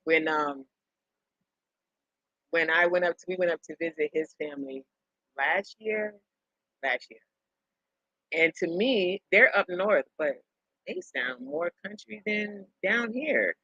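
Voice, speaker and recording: Rambling woman host, bright dull-sounding voice. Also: on the low side, lively intonation, slow, long pauses, dry recording. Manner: rambling storyteller, chuckles often, repeats herself. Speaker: live-stream host chatting with viewers. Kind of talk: casual rambling chat.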